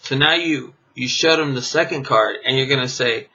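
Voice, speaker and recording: At normal speed with few pauses, a man with a mid-range voice teaches a card trick in a loose, rambling way, filler-heavy and chuckling at himself like a casual magic teacher. Background noise comes through the dull lo-fi camera audio.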